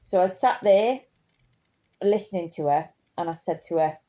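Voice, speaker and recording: Woman venting a story to camera, mellow warm tone, worked up and indignant, lots of restarts. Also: on the low side, normal speed. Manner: impassioned, indignant, rambling with restarts.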